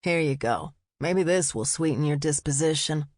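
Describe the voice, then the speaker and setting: A man's voice: a little high, moderate pace, no room sound, natural voice. A woman narrator voicing a patient male detective boyfriend who teases in a dry way. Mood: soothing. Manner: dry, gently teasing.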